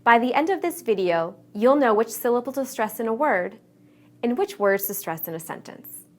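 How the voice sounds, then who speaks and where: A woman teaching English pronunciation in a clear, deliberate, scripted lesson narration. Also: a little high, animated. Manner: clear, deliberate teaching delivery with modeled stress patterns.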